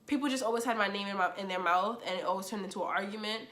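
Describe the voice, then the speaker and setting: Blunt, slangy young woman. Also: medium pitch. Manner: animated, blunt, slangy storytelling with quick comebacks. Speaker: YouTuber. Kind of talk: storytime vlog.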